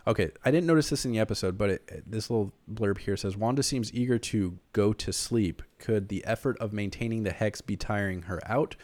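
A man's voice: fairly low pitch, a little fast, few pauses, darkish tone, no room sound. A man co-hosting a casual podcast chat, rambling with many fillers and restarts. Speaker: podcast co-host.

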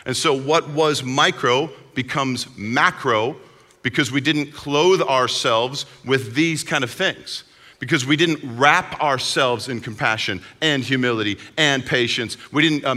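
Bright-voiced pastor preaching in a big hall. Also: male voice, mid-range voice, measured pace. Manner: conversational, animated preaching. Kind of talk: sermon. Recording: long hall reverb.

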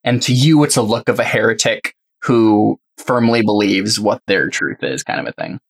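A man's voice: lowish voice, normal speed, vocal fry. Laid back guy running the game, loose narration. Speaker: game master.

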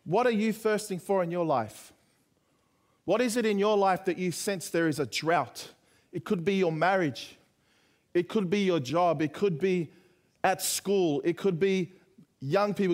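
A young man preaching a sermon, telling stories in a chatty way and then calling out loud appeals to the congregation. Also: sits high. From Australia. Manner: conversational storytelling, rising to loud appeals.

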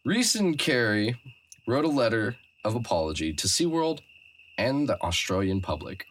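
This is a man hosting a casual comedy podcast who reads a news story aloud and breaks off into jokey asides. His pitch swings lively around a medium level, with a faint hiss behind him. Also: normal speed, poor audio. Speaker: podcast host.

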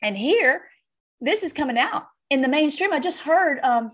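A woman hosting her own online video, talking casually to viewers in a rambling, excitable way and laughing often. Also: high voice, moderate pace. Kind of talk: casual monologue to camera.

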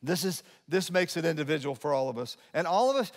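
Male pastor, sermon, fairly high voice, animated with loud peaks and soft asides, long church reverb. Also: fast. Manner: animated preaching, swinging from loud emphatic lines to quiet asides; humorous asides to the congregation. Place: church sanctuary.

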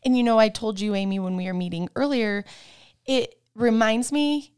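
A woman's voice: a little high, normal speed, a little mellow, clear, resonant tone. A woman guest explaining parenting with a faith angle, easygoing and affirming, with frequent agreeing murmurs. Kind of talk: casual faith-based parenting chat.

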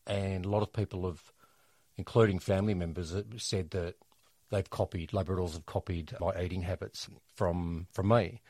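A middle-aged Australian man telling funny family stories in a casual, animated way. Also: low-pitched, no room sound, clean studio sound. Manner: animated, jokey storyteller. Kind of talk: casual storytelling chat.

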